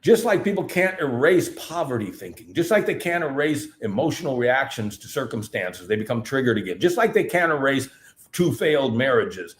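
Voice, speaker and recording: A man delivers a motivational talk with an emphatic, repetitive style. His pitch rises and falls in a lively way. The sound carries a noticeable room echo. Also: moderate pace. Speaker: seminar speaker. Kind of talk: live talk at a festival.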